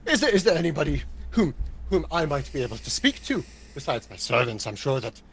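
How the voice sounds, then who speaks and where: Man doing a fussy, fawning aristocratic gentleman in a tabletop game, raising his pitch to coo "darlings" and gasp at scandal. His pompous speech bobs up and down in a lively, theatrical lilt. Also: brisk, breathy edge, heavily acted. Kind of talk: improvised tabletop role-play.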